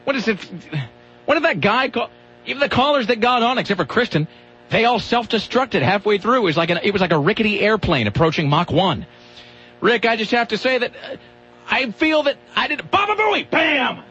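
A man's voice: high voice, expressive, pushed and bright, a little hiss or hum. A man hosting a talk radio show, rambling and mocking himself in casual banter. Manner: rambling, self-mocking, quick restarts. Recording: dull lo-fi radio audio.

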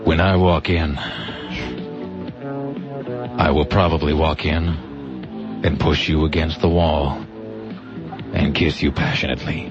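A man voicing a deep-voiced seductive man, reading a love letter slowly and low for laughs on the radio. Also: steady tone, over music. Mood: mock seductive. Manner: slow, low, drawn-out. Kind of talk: comic read of a letter on radio. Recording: dull lo-fi radio audio.

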